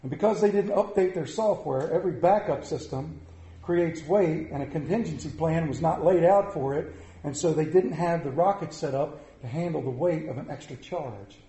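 A man preaching a lively sermon, telling stories with jokey asides. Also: a little high, normal speed, roomy sound, low-quality recording. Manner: animated storytelling, jokey asides.

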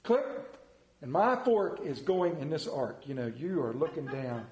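A man preaching a sermon, telling a folksy story in an animated, storytelling way. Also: a little high, unhurried, roomy sound, highs cut off. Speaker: pastor.

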